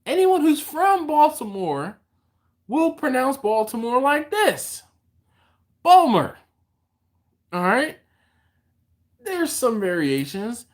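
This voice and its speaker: Animated man chatting on a barbecue livestream. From Philadelphia. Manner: animated, jumps in pitch when quoting others. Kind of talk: casual live chat reading viewer comments. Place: home, live stream.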